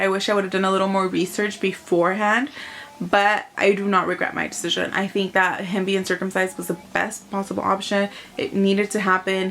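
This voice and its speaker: A woman's voice: mid-range voice, fairly bright tone, a little hiss or hum. Young woman, mom vlogger, casual to-camera talk, chatty, lots of fillers, emotional storytelling. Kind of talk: casual vlog monologue.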